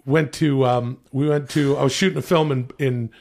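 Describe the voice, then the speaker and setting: Gravelly joking podcast host, man. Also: medium pitch, fairly even intonation, normal speed, a little mellow, a little hiss or hum. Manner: joking, profane, rambling. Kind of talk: casual podcast chat.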